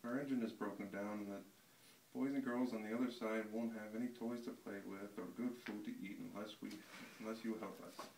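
A chorus of begging dolls and toys from a picture book, read out by a man in a gravelly voice. The voice echoes in a roomy space with faint background noise. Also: fairly low pitch, fairly even intonation, fairly quick, darkish tone, recorded from a distance. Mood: pleading. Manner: pleading. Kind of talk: reading a picture book aloud.

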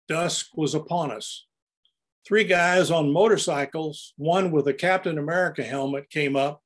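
An older man narrating his own photographs in an anecdotal, storytelling way as he presents them. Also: fairly high pitch.

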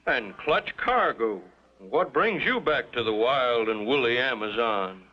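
A man's voice: medium pitch, expressive, measured pace, slight background noise, lightly acted. A man voicing a worried middle-aged rancher father who talks in a fretful, pleading way, on a lo-fi 1950s cartoon soundtrack. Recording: dull lo-fi 1950s TV soundtrack with music.

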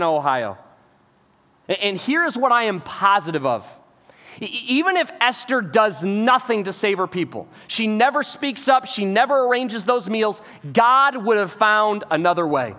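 High-voiced preacher in a reverberant hall. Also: male voice, moderate pace. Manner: animated storytelling, acts out the characters' lines; repeats words when starting phrases. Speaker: pastor. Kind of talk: sermon. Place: church auditorium.

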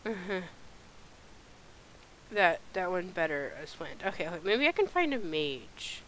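A woman hosting a casual let's-play video, talking through her game in an animated, exasperated way as she thinks aloud. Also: on the low side, measured pace, pauses often, dry recording. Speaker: gameplay video host.

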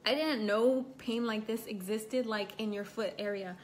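A woman's voice: mid-range voice, fairly even intonation, a little slow, a little hiss or hum. A young woman chatting casually on a home livestream, telling a personal story and stopping to greet and thank viewers. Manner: chatty, reads viewer comments aloud. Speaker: livestream host. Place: at home indoors.

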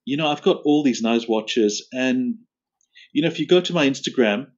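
A man chatting as a podcast guest, relaxed and quick to laugh. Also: mid-range voice. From Australia. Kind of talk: casual interview chat. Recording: dull lo-fi audio.

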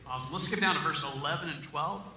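A man's voice: on the high side, fast, pushed and bright, a little hiss or hum. A man giving an interactive Bible teaching talk to a live audience in a church, quizzing listeners and stressing key words in a conversational way. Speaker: workshop speaker.

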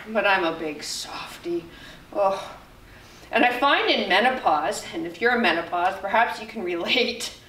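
Heard from a distance in an echoey room, this woman in her forties is a fitness trainer guiding a dumbbell session. Her mid-range voice is slightly bright, with a little hiss or hum underneath. She mixes instruction with easygoing chat, laughing often and cursing now and then.

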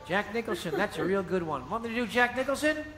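A man's voice: sits high, lively intonation, fast, heavy background noise. A man voicing a cocky, wisecracking male wooden dummy in a ventriloquist stage act. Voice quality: brash, insulting. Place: large theater stage. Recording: echoey live theater with audience.

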